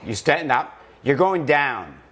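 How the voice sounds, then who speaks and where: Male founder vlogging a motivational talk: slow-paced, expressive pitch, out of breath at times. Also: breathy edge. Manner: coaching slow push-ups, counting aloud, laughing often; reflective, drops low and soft to make points. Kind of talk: casual motivational vlog talk.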